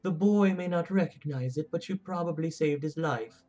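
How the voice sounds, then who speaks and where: A man doing a refined Orlesian noblewoman reading her letter of thanks. The voice sits much higher than his own, with an exaggerated French-like accent that he admits is awful. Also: normal speed, mellow, natural voice. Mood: grateful. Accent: put-on French-like Orlesian accent, badly done. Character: noble Orlesian woman, gracious letter writer.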